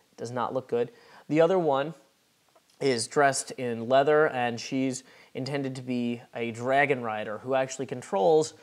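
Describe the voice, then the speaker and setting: A man running a tabletop role-playing game as game master, describing scenes with wry, quick storytelling asides. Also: medium pitch.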